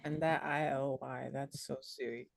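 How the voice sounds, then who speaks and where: A woman hosting a casual interview, expressive and gushing, jumping high when quoting her own reactions. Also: a little slow, vocal fry, a crowd in the background. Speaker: host.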